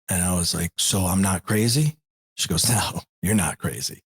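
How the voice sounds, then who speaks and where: Guy in his 40s, kinda low husky voice, telling his story as a podcast guest, acts out all the back and forth. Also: normal speed. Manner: candid, animated retelling with quoted dialogue. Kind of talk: storytelling in an interview.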